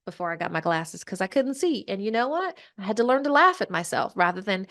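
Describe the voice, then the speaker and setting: A middle-aged woman, a podcast guest, telling a story in an animated way and acting out the voices of the people in it. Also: medium pitch, brisk, few pauses. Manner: animated, acts out quoted voices. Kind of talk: storytelling in conversation.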